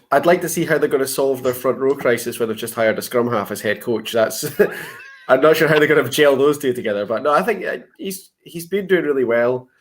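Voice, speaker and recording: A Glaswegian man co-hosting a podcast in casual chat, wry and laughing as he talks. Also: medium pitch. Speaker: podcast co-host.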